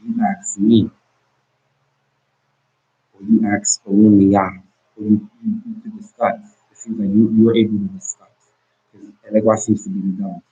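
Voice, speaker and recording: Fairly low-pitched, mellow and husky, a man delivers a flat-sounding, emotional direct-to-camera monologue at normal speed with long pauses. He is intense, pleading and confrontational, often repeating and restarting his words, on a dull lo-fi recording.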